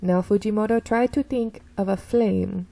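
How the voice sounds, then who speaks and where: A woman's voice: mid-range voice, fairly even intonation, normal speed, creaky, dark tone. A woman doing a quirky male magic professor. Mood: cheery. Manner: theatrical, exaggerated odd accent.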